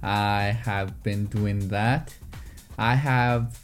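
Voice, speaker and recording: A young university student co-hosting a casual podcast from home, teasing his friend in a wry, brisk way. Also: fairly low pitch, fairly even intonation, faint music behind. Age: young adult. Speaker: podcast co-host. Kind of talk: casual chat. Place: bedroom hung with blankets.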